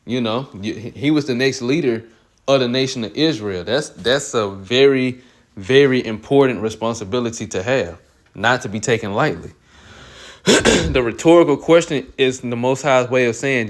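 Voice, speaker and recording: A man reading Bible verses aloud and commenting on them, often clearing his throat and restarting phrases. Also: mid-range voice, normal speed. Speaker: Bible teacher.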